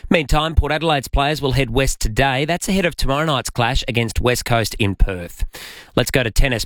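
A man's voice: medium pitch, a bit bright, dry recording. Australian man reading sports news. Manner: brisk upbeat bulletin reading. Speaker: sports presenter. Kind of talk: radio sports bulletin.

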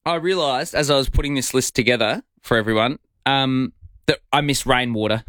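A man's voice: medium pitch, fairly quick, fairly bright tone, no echo. A man co-hosting a breakfast radio show, playful and teasing, given to mock indignation. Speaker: radio co-host. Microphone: studio microphone.

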